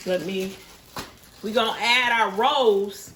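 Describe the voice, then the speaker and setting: A woman's voice: mid-range voice, takes it slowly, a bit bright, reverberant, recorded from a distance. A woman and mother talking casually while cooking in her home kitchen, chatty and apologetic, laughing at her own kitchen mistakes. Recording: voice a little off-mic, noisy kitchen. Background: sizzling frying pan and clicks.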